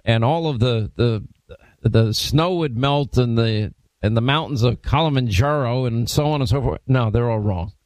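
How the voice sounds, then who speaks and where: A man hosting a talk radio show, telling stories and acting out quotes in an animated way. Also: mid-range voice, no room sound. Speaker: radio host. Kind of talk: casual talk show banter.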